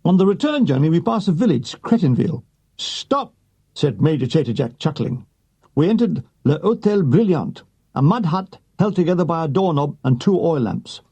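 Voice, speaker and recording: Gravelly husky man reading a memoir. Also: fairly high pitch, sing-song, a little fast, dark tone, highs cut off. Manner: dry comic delivery with voiced quotes. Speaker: audiobook reader. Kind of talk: reading a wartime memoir aloud.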